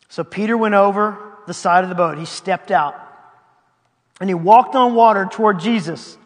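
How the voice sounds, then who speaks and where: A man preaches a sermon in a high, light voice, reading passages aloud and breaking into casual, laughing asides. His words ring out with a long reverb, as if in a large hall. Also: normal speed. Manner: conversational, reads scripture then comments, laughing asides. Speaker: pastor.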